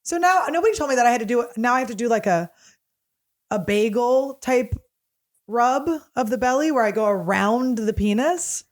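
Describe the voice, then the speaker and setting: Raunchy, higher-voiced woman podcaster. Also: moderate pace. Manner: crude, animated, self-mocking storytelling. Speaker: podcast host. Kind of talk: casual comedic podcast monologue.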